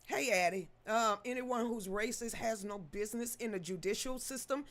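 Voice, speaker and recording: A woman's voice: fairly high pitch, moderate pace, fairly bright tone. A woman hosting a live news commentary stream, talking emotionally and profanely, often repeating herself and greeting viewers in the chat by name. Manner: stammering repetitions. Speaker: livestream news host.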